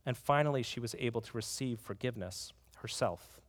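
A man preaching a sermon as pastor, earnest, telling a story and slowing down to stress key words. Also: medium pitch. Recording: reverberant hall.

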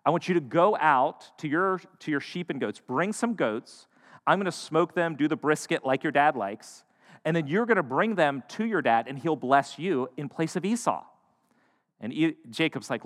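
A man preaching a sermon, retelling a story with animated, joking asides. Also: on the high side, moderate pace. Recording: echoey hall.

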